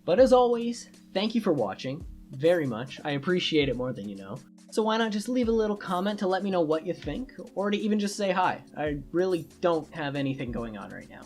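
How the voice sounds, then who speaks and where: A young woman hosts a comic explainer, sarcastic and crude, now and then sliding into mock voices. Her pitch swoops and bounces a lot. Faint music plays under her voice. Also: big pitch swings, a little fast, a little mellow. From Canada. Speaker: YouTuber. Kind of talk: comedic explainer monologue.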